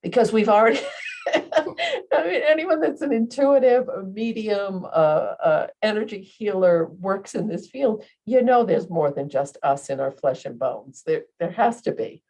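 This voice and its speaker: A woman who is a medium co-hosts a spiritual podcast, chatting casually in a rambling way and often stopping to search for her words. Her mid-range voice has lively intonation and a dark tone, at normal speed with few pauses.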